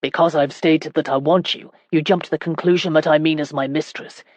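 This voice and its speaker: A woman narrator voicing a hot-tempered English nobleman in an audiobook, speaking bluntly and forcefully. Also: low-pitched, fairly even intonation, brisk, no echo.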